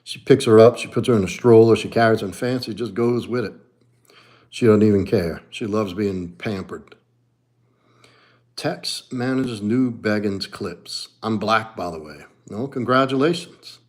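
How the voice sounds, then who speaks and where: He's a middle-aged man with a New Orleans accent, coaching martial arts and chatting on a livestream while going through comments. The pace is measured, the tone blunt and profane, shifting from low mutters to animated bursts.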